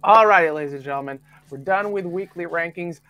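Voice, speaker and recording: A man from the UK hosting a casual podcast, reading out listener rankings with quick jokey asides. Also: a little high, sharp tone, no echo. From United Kingdom. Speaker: podcast host.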